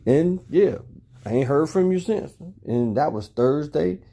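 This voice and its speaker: A man's voice: on the high side, lively intonation, unhurried, dark tone. A middle-aged father at home, telling a long, rambling story to his son and swearing as he goes. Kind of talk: recorded monologue addressed to someone. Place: at home indoors.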